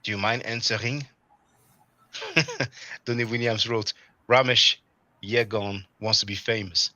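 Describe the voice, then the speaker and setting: A man's voice: lowish voice, fairly even intonation, slow pace, bright, forceful tone, no echo. A man hosting a live stream, reading viewer comments aloud and chuckling between them. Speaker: channel host. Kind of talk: casual live stream chat.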